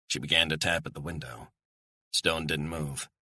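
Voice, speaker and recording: A man reads thriller narration in a measured, suspenseful way, his voice deep and husky. The tone has a hard, sharp brightness, and the recording is dry and close. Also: dry recording. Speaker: audiobook narrator.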